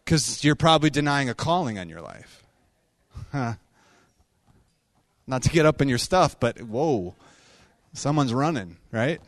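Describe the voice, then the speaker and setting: A male pastor tells stories in a sermon, talking conversationally with quick asides. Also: medium pitch, dry recording. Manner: conversational, animated storytelling with quick asides and laughs. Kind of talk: sermon storytelling.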